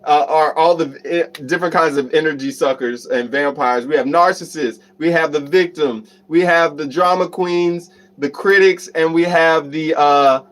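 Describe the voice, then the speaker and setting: A man with a slightly high voice hosts a casual livestream. He gives motivational advice about cutting off draining people, full of fillers and restarts. He often stops to read and answer viewer comments. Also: normal speed, few pauses, fairly bright tone. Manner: reads viewer comments aloud and laughs often. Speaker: livestream host, self-help talk.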